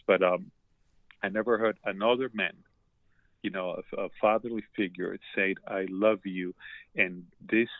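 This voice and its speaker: A man with a fairly low voice tells a heartfelt story, circling back on his words and restarting his sentences. The sound is dry and thin, squeezed like a phone line. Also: no room sound. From Colombia. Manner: emotional, repeats words, many restarts. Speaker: podcast guest.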